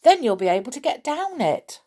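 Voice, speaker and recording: A woman's voice: sits high, sing-song, a little fast, warm tone, voice pushed up. A woman reading aloud and voicing a small, eager boy character in a children's story.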